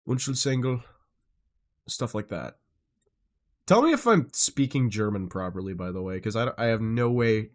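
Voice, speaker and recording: A man streaming live, chatting casually with viewers and jumping between tangents, often excitable and swearing freely. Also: lowish voice.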